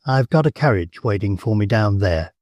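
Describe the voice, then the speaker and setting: A man's voice: on the low side, lively intonation, moderate pace, darkish tone, no echo, natural voice. A man voicing a big, blunt American gambler with an abrupt, muttering manner, in an audiobook. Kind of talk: audiobook character voice.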